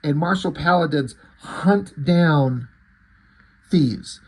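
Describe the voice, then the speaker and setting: A man's voice: on the high side, takes it slowly, husky, full character voice. A man reading out the lines of a fiery young female thief from a comic, insistent and accusing.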